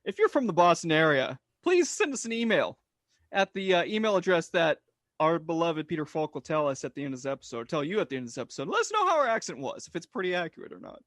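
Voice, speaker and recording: A man's voice: on the high side, very animated, fast talker, a bit bright, dry recording, studio quality. A man co-hosting a podcast, cracking puns and wisecracks in casual chat. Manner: wisecracking, punny. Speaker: podcast co-host.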